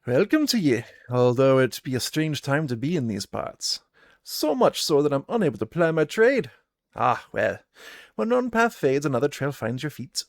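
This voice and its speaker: A man voicing a gruff human woman trapper who talks in old-fashioned phrases with an accent that is hard to place, as part of a solo tabletop game. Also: mid-range voice, sing-song, normal speed, no room sound, studio quality.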